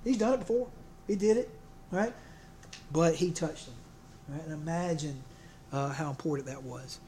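A man's voice: fairly high pitch, moderate pace, mellow, a little hiss or hum. A man preaching a folksy sermon, joking and often restarting his sentences. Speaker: pastor.

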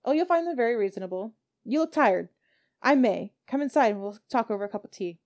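A woman's voice: a little high, animated, fast talker, a little mellow, lo-fi sound. A woman voicing a homely, talkative village landlady.

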